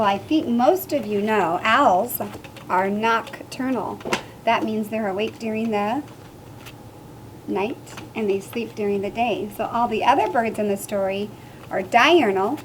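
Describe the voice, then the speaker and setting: A woman teacher reading a picture book aloud to children, making loud high animal sounds. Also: a little slow, noisy background.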